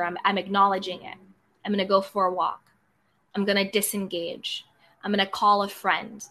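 A woman's voice: mid-range voice, pushed and bright. A woman giving a motivational self-help talk in an earnest, direct way, repeating short coaching phrases.

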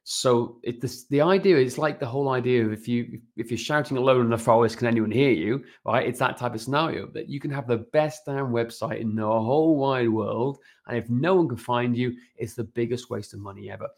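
A man's voice: medium pitch, a little fast, few pauses, darkish tone. A man in his forties, a guest on a podcast, explaining website matters casually and animatedly, often checking in with "right?". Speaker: guest, fitness business and website consultant.

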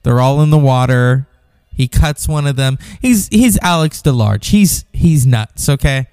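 Man, film podcast host, casual, restarts, smooth voice, dry recording. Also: medium pitch, animated, measured pace, darkish tone, no room sound. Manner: casual, repeats himself. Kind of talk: podcast commentary.

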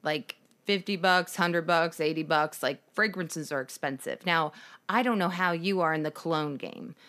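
A woman co-hosting a podcast in casual chat, chatty and quick to chime in with agreement. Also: deep voice, a bit bright. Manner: chatty, supportive interjections. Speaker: podcast co-host.

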